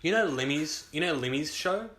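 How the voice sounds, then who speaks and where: Young man, relaxed teasing co-host, bright tone, echoey living room. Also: fairly high pitch, normal speed. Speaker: podcast co-host. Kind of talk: casual chat. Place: his lounge room at home.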